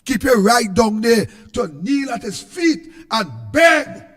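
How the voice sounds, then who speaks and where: Shouting Trinidadian man, very high-pitched. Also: animated, takes it slowly, few pauses, in a large hall. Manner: shouting, sing-song, repetitive. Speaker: political speaker. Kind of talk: impassioned political speech.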